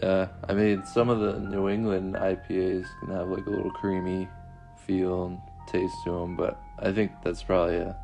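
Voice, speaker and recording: A man's voice: low voice, level tone, normal speed, creaky, over music. A man co-hosting a casual podcast in a laid-back, hesitant way with lots of fillers. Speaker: podcast co-host.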